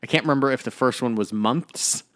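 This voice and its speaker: A man's voice: mid-range voice, fairly quick, a bit bright. A man co-hosting a podcast in casual chat, making wry, joking asides. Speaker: podcast co-host.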